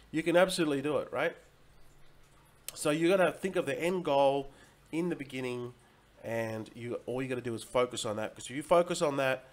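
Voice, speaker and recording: A man talks straight to his viewers in a motivational pep-talk style, repeating his points and checking in with "right?" again and again. His delivery swings between loud, insistent peaks and quiet, dropped-down asides. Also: medium pitch. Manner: emphatic and repetitive, keeps asking "right?". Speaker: crypto livestream host. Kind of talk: motivational monologue.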